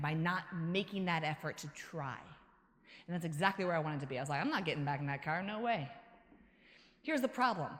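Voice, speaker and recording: A woman giving a motivational keynote talk, an animated storyteller who acts out quotes with a lively voice and laughs between stories. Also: on the low side. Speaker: keynote speaker. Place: large conference hall. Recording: echoey hall reverb.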